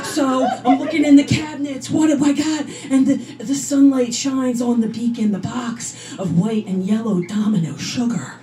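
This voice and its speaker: A woman comedian tells her story with energetic, animated stand-up delivery. Her voice sits fairly high. It sounds a little back from the mic. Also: normal speed, few pauses, far from the mic, faint music behind.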